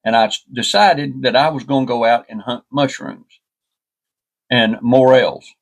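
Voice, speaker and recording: A man's voice: medium pitch, unhurried. Folksy man telling a story. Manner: folksy, rambling, with repeated "and, and" restarts. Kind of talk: casual spoken storytelling.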